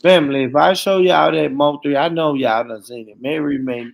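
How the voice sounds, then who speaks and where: Gravelly, profane live stream host man. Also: fairly high pitch, moderate pace, rough recording. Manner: animated, profane, laughs often. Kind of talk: casual live stream chat.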